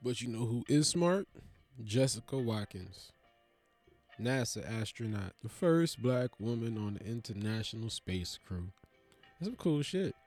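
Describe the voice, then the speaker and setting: A man from the United States delivering a profane, incredulous comedic rant, with loud, animated jumps in his delivery. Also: mid-range voice, measured pace, faint music behind.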